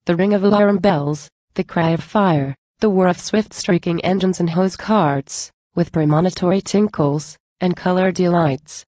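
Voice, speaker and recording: A woman recites poetry in a measured, declamatory way. Her voice sits a little low and sounds mellow and dark, and the recording is close and dry with no room sound. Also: dry recording. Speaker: reader.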